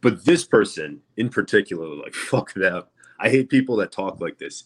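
Male co-host, lower voice, casual, halting, dismissive. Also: expressive, breathy edge. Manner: hesitant, laughing, dismissive. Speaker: podcast co-host. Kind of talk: casual podcast chat.

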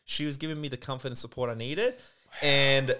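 An earnest young man shares a heartfelt story on a podcast, his voice sitting at a mid pitch. He talks casually, with plenty of filler words and restarts as he works through his feelings. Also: fairly even intonation, fairly quick, pushed and bright. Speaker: podcast co-host. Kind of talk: casual chat.

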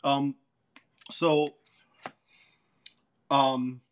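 A laid-back co-host from Philadelphia chats on a casual live stream at a medium pitch. The talk is teasing and easygoing, with frequent laughter. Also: very slow. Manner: teasing, relaxed, laughs often.

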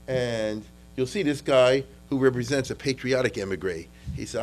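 A man giving a classroom history lecture, animated and full of restarts, acting out quotes to his students. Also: mid-range voice, moderate pace, low-quality recording.

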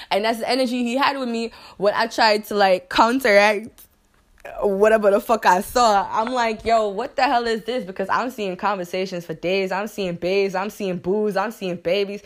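A woman's voice: mid-range voice, moderate pace. Slangy young woman telling stories. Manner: slangy, profane and animated, laughs often, keeps asking "you dig?". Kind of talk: casual storytime chat.

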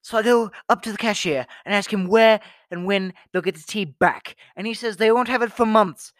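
A person putting on a British accent to play a man jailed over a tea shortage, telling it deadpan. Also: mid-range voice, moderate pace, no room sound, studio quality, close to an everyday voice. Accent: British, put on. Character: British man who punched a cashier, now in jail.

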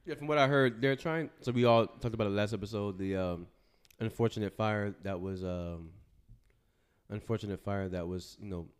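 A man's voice: on the low side, moderate pace, clean tone. A man co-hosting a podcast in casual chat, wisecracking with mock outrage and laughing at his own jokes. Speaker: podcast co-host.

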